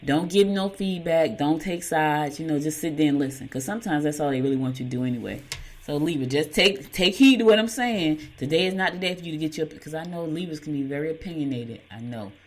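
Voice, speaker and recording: A deep-voiced, quick-talking middle-aged woman runs a morning show. Horoscopes, folksy anecdotes, and self-directed laughter fill her casual chat.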